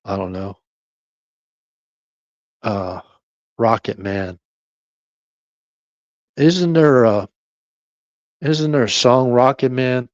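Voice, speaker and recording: Slow, rambling live stream host. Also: male voice, medium pitch, lively intonation, no echo, lo-fi sound. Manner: meandering, chuckling, talks half to himself; keeps voice down at times. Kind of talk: rambling late-night live stream chat.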